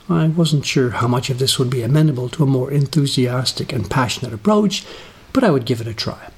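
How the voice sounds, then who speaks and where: A middle-aged man reading a personal essay aloud in a dry, self-deprecating, unhurried manner. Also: medium pitch, lively intonation, slightly rough. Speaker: narrator. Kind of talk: scripted personal essay narration.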